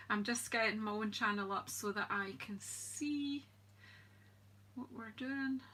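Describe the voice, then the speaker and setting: A woman's voice: a little high, slow pace, fairly bright tone. A woman with a Scottish accent hosting a live crafting demonstration, chatting in a homely way, greeting viewers and laughing often. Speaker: craft demonstrator, channel host. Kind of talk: live-stream crafting demo, casual chat.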